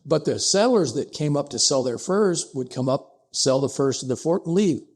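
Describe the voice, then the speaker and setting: A man telling a historical story as a podcast guest, acting out the dialogue with sudden rises in pitch. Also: lively intonation, normal speed, a little mellow. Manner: acts out dialogue with pitch jumps, asides like "I'm paraphrasing". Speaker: podcast guest, distillery co-founder.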